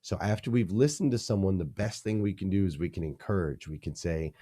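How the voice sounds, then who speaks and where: Deep-voiced, energetic male leadership coach. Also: fairly quick, hardly any pauses. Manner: energetic, emphatic teaching with punchy repeated phrases. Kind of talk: podcast interview.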